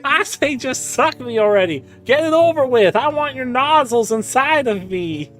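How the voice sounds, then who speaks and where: A man's voice: very high voice, lively intonation, normal speed, fairly bright tone, soft background music, pitched above the performer's own voice. A man voicing a crude, rambling hillbilly tomato farmer with a put-on Southern drawl while streaming a game. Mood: folksy.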